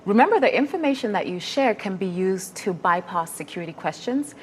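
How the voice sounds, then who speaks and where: A woman cybersecurity expert explaining safety tips in a measured way during a live interview. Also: mid-range voice, lively intonation, slight background noise.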